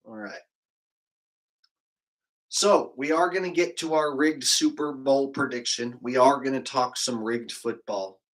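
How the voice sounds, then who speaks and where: A man's voice: medium pitch, fairly even intonation, moderate pace, hardly any pauses, fairly bright tone. A man hosting a casual livestream, rambling loosely and dropping "man" and "like" as he talks. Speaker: livestream host.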